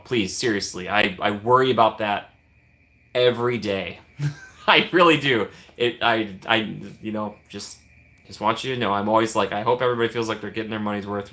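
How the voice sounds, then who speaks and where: A man with a lowish, bright voice and a forceful tone hosts a casual livestream. He rambles and chats, laughs often, and thanks his viewers by name.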